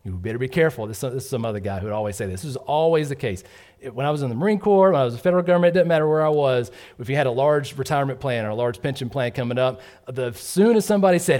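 Animated man preaching a sermon. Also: on the high side, fast. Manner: animated, acts out gossipy voices, asks "right?" often.

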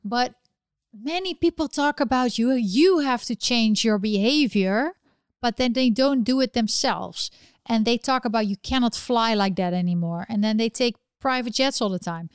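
Chatty woman with a smooth, higher voice. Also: normal speed, no echo, clean studio sound. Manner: chatty, opinionated, with frequent restarts. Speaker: live chat host. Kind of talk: casual livestream chat.

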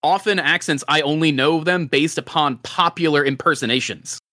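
A man co-hosting a casual podcast, relaxed and self-deprecating. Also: a little high, normal speed, no echo, clean studio sound. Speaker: podcast co-host.

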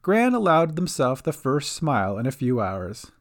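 A man giving scripted narration of a fantasy audio story, expressive and doing all the voices himself. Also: medium pitch, normal speed.

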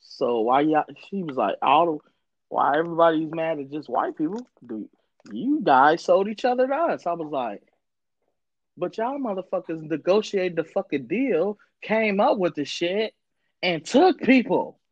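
A man's voice: a little high, big pitch swings, normal speed, dry recording, highs cut off. A man hosting a casual podcast, telling stories with heavy cursing and acting out the people he quotes. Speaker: podcast host. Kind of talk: casual profane chat.

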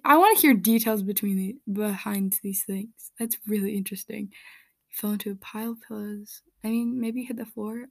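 A woman hosting a casual solo podcast, reading out listener answers in a chatty, giggly, rambling way with many fillers and restarts. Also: on the high side. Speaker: podcast host. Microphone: podcast microphone.

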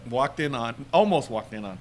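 A man's voice: medium pitch, lively intonation, normal speed, darkish tone, slight background noise. A man co-hosting a casual podcast chat, telling a long story in a rambling way and laughing often. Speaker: podcast co-host.

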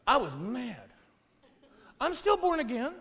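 Slowly and with plenty of jokes, a pastor recounts a funny episode from his life in a sermon. He's animated throughout, lowering his voice and then shouting.

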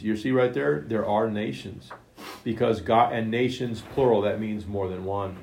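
Male preacher, gravelly voice, emphatic sermon delivery, roomy echo. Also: on the low side, normal speed, a little mellow. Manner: emphatic, retells scripture in plain everyday words. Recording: echoey room.

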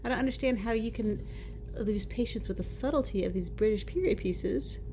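A woman from the United States co-hosting a podcast, chatting in an animated way and laughing often. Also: a little high, fairly quick, a little hiss or hum. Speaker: podcast co-host. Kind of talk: casual chat.

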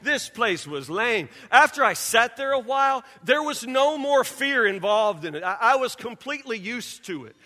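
A man preaching a sermon as pastor, telling a personal story in an animated way and acting out scenes, speaking in a church sanctuary. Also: extremely high pitch, moderate pace, hardly any pauses. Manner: animated storyteller, acts out scenes, drops to quiet intensity. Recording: reverberant hall.

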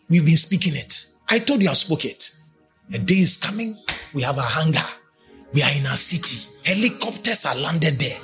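A man delivers a fiery sermon in a high, animated voice that leaps up and down in pitch. He pushes into shouts, then drops to low, intense lines. Faint music sits behind him. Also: a little fast. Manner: emphatic, swings between shouting and low intense speech. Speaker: prophet preaching.

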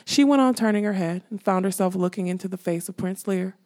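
A woman narrating a fantasy audiobook with steady storytelling. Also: mid-range voice, a little fast. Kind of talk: scripted narration.

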